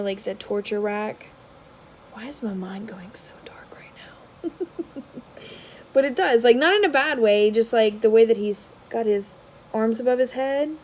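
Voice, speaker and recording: A woman vlogger giving casual unboxing commentary, rambling with many filler words and dropping into soft, half-murmured asides. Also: a little high, moderate pace, a little hiss or hum, low-quality recording. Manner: drops to a soft whisper at times. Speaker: tarot vlogger.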